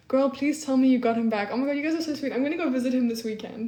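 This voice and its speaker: This young woman in her twenties races through her casual livestream chat in a high, mellow voice, reading comments aloud and dropping "like" everywhere. The room echoes.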